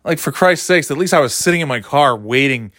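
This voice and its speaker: A middle-aged man hosting a podcast and telling stories casually, rambling and swearing, and jumping into a high shout when he acts out his own outbursts. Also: lively intonation, a little fast, no echo, studio quality. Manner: rambling and profane, with frequent fillers. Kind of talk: casual comedic storytelling.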